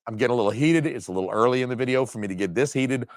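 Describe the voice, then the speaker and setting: Man, swearing, animated rant, dry recording. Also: very fast, few pauses, dry recording. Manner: swearing, animated, jumps up and down in pitch. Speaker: video host reviewing disc releases. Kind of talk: profane comedic rant.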